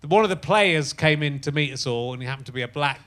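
A man's voice: a little high, fast talker, a bit bright. A middle-aged man hosting a podcast, telling rambling, self-mocking anecdotes in a casual comic chat. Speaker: podcast host.

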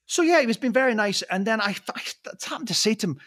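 A man telling anecdotes as a podcast guest, laughing often, swearing, and slipping into quick impressions. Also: high-pitched, lively intonation, a bit bright, no echo, clean studio sound.

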